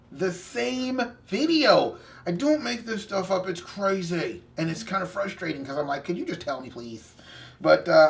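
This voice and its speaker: A young man who co-hosts a faith-based video channel tells a story in casual conversation, full of lively asides and self-corrections. His voice sits high and sounds gravelly.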